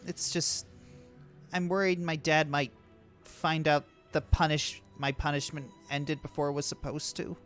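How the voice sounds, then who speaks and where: A game master voicing a timid, anxious young boy who talks in halting, hesitant bursts. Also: mid-range voice, little pitch movement, fairly bright tone, soft background music, lightly acted. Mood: worried.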